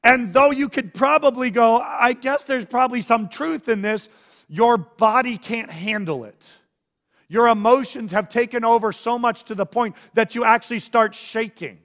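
A man's voice: very high voice, a bit bright, long reverb tail. A man preaching a sermon as a pastor, earnest, acting out the feelings of the people he quotes.

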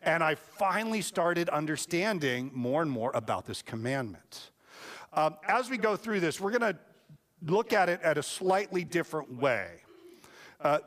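A man's voice: a little high, a bit bright. A man preaching a sermon as a pastor, telling stories in a casual, joking way. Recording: long hall reverb.

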